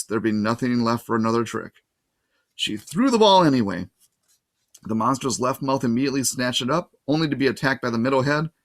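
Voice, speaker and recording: Male storybook reader, steady and even, dry close recording. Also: mid-range voice, dry recording. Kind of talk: reading a children's novel aloud.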